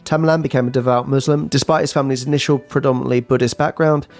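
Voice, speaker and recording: A man co-hosting a true-crime podcast, reading his script briskly and teasing his co-host dryly. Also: mid-range voice, fairly even intonation, soft background music.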